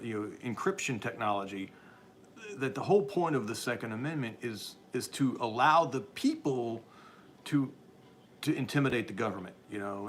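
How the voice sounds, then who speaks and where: A man's voice: medium pitch, fairly bright tone, slight background noise. A man hosting a livestream, rambling through opinionated commentary as he reads and answers viewer chat, often restarting sentences and chuckling. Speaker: livestream host reading chat.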